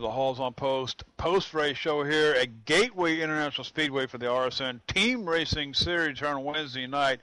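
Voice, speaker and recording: A man's voice: fairly high pitch, normal speed, hardly any pauses, pushed and bright, no room sound, rough recording. Folksy man calling a sim race. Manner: folksy, repeats "I'll tell you what". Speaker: race commentator. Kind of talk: sim racing play-by-play commentary.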